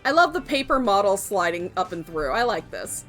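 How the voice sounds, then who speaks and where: A woman's voice: mid-range voice, sing-song, moderate pace, hardly any pauses, a bit bright, faint music behind. A woman streaming a game, gushing and playful in her casual commentary.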